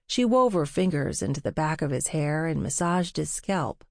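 A woman reading a novel aloud as narrator, in a measured, unhurried way. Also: low-pitched, expressive, gravelly, dry recording, studio quality. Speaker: audiobook narrator. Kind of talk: scripted narration.

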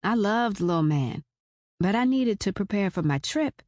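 A woman's voice: medium pitch, animated, measured pace, darkish tone, dry recording, clean studio sound. A woman in her forties narrating a first-person story in a frank, wry and casually profane way. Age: 40s. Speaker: audiobook narrator.

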